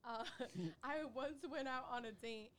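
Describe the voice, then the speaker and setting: A young woman, telling a dating story as a podcast guest, animated and laughing often with lots of fillers. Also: a little high, a little slow.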